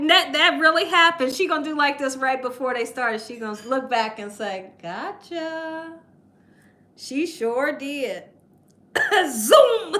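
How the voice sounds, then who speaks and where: A woman hosting a live cooking stream, telling stories in a lively way and laughing often. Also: sits high. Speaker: cooking channel host. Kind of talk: live-stream storytelling chat.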